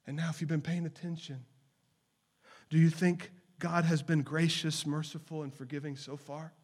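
A male pastor with a high voice delivers a sermon. He builds to loud, urgent questions, then drops to hushed, slow emphasis on key phrases. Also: little pitch movement.

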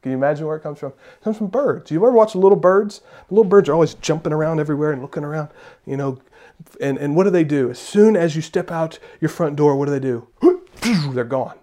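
A man's voice: a little high, darkish tone. A man preaching a sermon as a pastor. He preaches emphatically, repeats his key phrases and asks the congregation rhetorical questions.

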